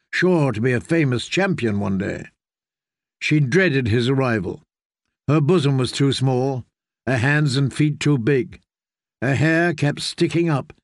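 A man reading fantasy narration for an audiobook in a measured, steady way. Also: mid-range voice, no echo, clean studio sound.

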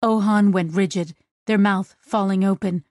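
A woman narrating an audiobook in an even, measured storytelling voice. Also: medium pitch, dry recording, studio quality. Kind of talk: scripted narration.

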